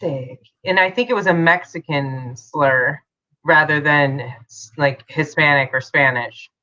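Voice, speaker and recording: A woman's voice: low voice, slow, sharp tone, muffled recording. A woman with a Midwestern American accent co-hosting a casual podcast, giggly and laughing often. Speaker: podcast co-host. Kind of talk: casual chat.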